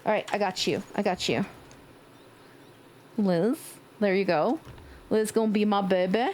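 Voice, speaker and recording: A woman streamer chatting casually with her viewers in a playful way, now and then slipping into squeaky baby talk and screams. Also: a little slow, darkish tone, slight background noise. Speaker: livestreamer. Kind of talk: casual live-stream chat.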